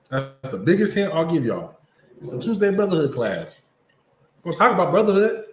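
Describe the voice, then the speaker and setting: A man teaching a Bible class in a casual preaching style, often checking in with his listeners by asking if they understand. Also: fairly high pitch. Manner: conversational preaching, keeps asking "you understand?". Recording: roomy echo.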